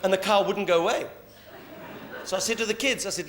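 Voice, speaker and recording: A man's voice: sits high, a little fast, pauses often, a bit bright. A middle-aged South African man performing a provocative, mocking stage comedy monologue. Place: live theatre stage. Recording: roomy live stage recording, faint hum.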